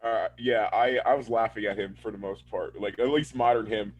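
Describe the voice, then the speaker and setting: A man's voice: lowish voice, fairly quick, breathy edge, muffled recording. A man co-hosting a casual podcast, rambling through a review and acting out characters as he retells scenes. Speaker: podcast co-host.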